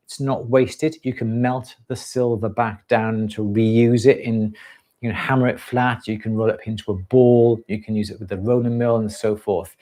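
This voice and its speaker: A man hosting a live stream, answering viewers' questions with relaxed, practical explanations and frequent fillers. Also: medium pitch. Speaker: jewellery-making host answering questions.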